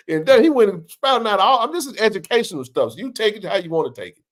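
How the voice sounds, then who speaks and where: Animated slangy man hosting a sports chat. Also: high voice, fast talker. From Mississippi. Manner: animated storyteller, slangy and emphatic. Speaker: show host.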